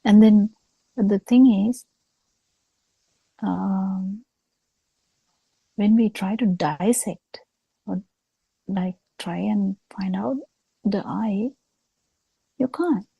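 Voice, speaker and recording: Slow, gravelly woman teaching. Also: mid-range voice, dark tone, no echo, low-quality recording. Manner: slow, halting, many pauses and fillers. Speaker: Buddhist teacher. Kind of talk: dharma talk over a video call. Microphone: video call.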